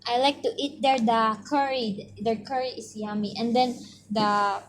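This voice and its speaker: Woman, Filipino accent, high pitch, coaxing bedtime chat and reading aloud, faint background noise. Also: steady tone, unhurried. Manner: coaxing, chatty, tacks short particles onto her sentences. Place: bedroom at home.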